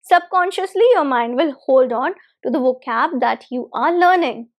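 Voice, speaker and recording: A woman's voice: high voice, moderate pace. A woman giving a spoken English lesson, walking learners through steps with patient, direct instructions and repeating her key points. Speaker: English teacher.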